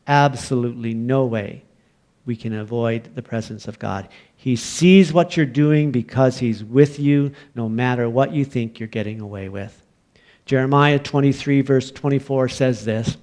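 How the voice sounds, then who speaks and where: A middle-aged man with a Canadian accent delivers a sermon. He moves from a relaxed storytelling tone to loud, emphatic preaching, and his voice sits in an ordinary middle pitch. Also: a little slow, long pauses. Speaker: pastor.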